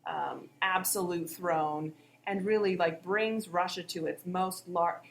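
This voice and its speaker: A woman's voice: lowish voice, takes it slowly, vocal fry, a little hiss or hum. A woman co-hosting a history podcast, explaining events in a conversational way. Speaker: history teacher, podcast co-host. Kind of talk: educational podcast discussion.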